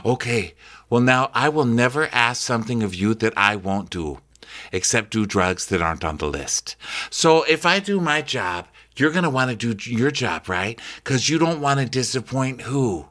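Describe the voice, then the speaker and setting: A man's voice: mid-range voice, expressive, normal speed, fairly bright tone, lightly acted. A man voicing a female yacht captain who coaxes a crew member with a mock-motivational pep talk. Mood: coaxing.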